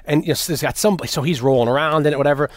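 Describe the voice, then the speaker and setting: A man's voice: on the high side, rapid-fire, no echo, clean studio sound. A man in casual conversation, retelling a film scene by scene, acting out the characters' lines, swearing freely and often restarting his sentences. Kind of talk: casual movie discussion.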